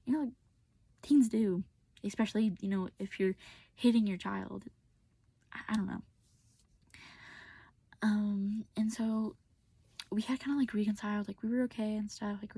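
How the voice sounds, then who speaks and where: A woman's voice: medium pitch, steady tone, measured pace, pauses often, mellow, slightly rough, no echo. A young woman telling a personal story in a rambling, casual way with lots of filler words, often half-whispered, recorded on a phone. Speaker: vlogger.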